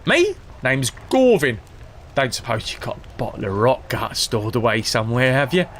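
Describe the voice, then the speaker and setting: Picture a rowdy, hard-drinking thief, gruff and loud, his voice swinging all over the place, as a man puts him on. He is chummy and rough and never bothers with manners. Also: medium pitch, wildly swooping pitch, normal speed, a little hiss or hum. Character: boozy gruff middle-aged male thief.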